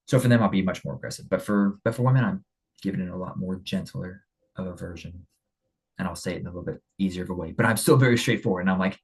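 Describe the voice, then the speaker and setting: Casting: young man, deep husky voice, blunt motivational talker, repeats for emphasis. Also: fast talker, rough recording. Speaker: speaker on men's character. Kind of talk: casual motivational talk.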